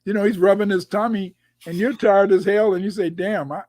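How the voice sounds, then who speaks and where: High-pitched guy rambling on a video call, dry close sound, repeats himself a lot. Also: fairly even intonation, a little fast, darkish tone, no room sound. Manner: rambling, repeats words, storytelling. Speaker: guest commentator. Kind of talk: casual conversation.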